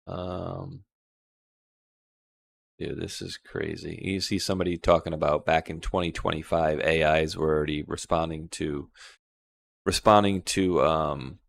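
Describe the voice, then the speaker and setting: Casting: deep, gravelly male podcast host, loose and rambling. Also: a bit bright. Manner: rambling with many fillers. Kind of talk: casual chat.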